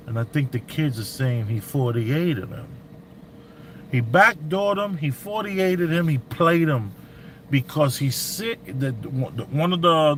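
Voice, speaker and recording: A man telling a story in casual commentary, animated and slangy, acting out what others said. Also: mid-range voice, slight background noise. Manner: animated, acts out quotes, slang.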